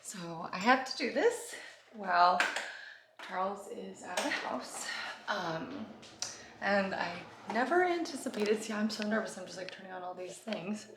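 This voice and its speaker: A woman vlogging in a rambling, chatty way, full of "like" and "um", sometimes dropping to hushed asides. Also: mid-range voice, lively intonation, unhurried, noisy background. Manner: rambling and chatty, heavy use of "like" and "um". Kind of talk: casual confessional vlog. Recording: echoey room with background music.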